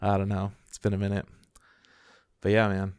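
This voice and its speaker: Casting: relaxed, profane male podcast co-host, smooth, close and dry. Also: lowish voice, a little fast, no echo. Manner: laid-back, swears a lot, laughs often. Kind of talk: casual chat.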